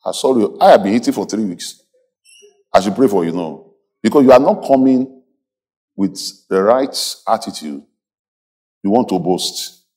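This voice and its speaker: A man's voice: on the low side, animated, normal speed, long pauses, warm tone. A male pastor preaching a sermon, leading the congregation in call-and-response and mimicking church members for effect.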